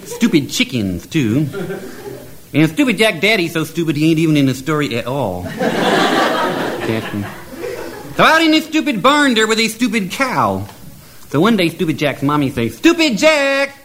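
A man's voice: on the high side, big pitch swings, normal speed, long pauses, a bit bright, slight background noise. A man telling a comic folk tale in playful, mock-broken grammar, often chuckling. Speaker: storyteller. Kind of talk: comic oral storytelling.

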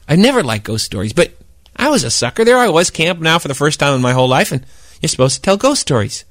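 A man telling a childhood camping story in a relaxed, conversational way, speaking directly to his listeners. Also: mid-range voice, dry recording, studio quality. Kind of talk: spoken storytelling.

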